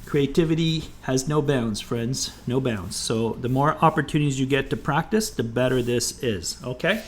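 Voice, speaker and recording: A man's voice: mid-range voice, normal speed, a little hiss or hum. A man teaching a drawing class, chatty and encouraging, thinking aloud as he sketches. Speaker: art teacher. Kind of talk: drawing tutorial.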